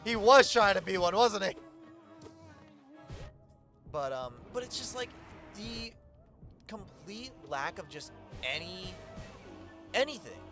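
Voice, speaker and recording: A young man chatting casually over a gameplay video, excitable, swearing and laughing often. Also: high-pitched, slow, pauses often, music in the background. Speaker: co-host watching a gameplay playthrough. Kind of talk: casual gaming chat.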